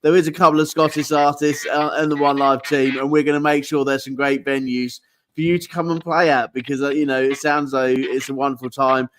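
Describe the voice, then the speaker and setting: A man's voice: mid-range voice, flat delivery, a little fast, fairly bright tone. A man hosting a casual interview, with jokey, upbeat presenter patter. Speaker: host.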